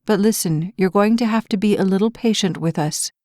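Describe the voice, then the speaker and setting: A woman reading an audiobook, voicing a calm young male firefighter who speaks gently and patiently to a trapped child. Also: medium pitch, fairly quick, dry recording, studio quality, close to an everyday voice. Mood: soothing. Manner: soothing, patient, reassuring.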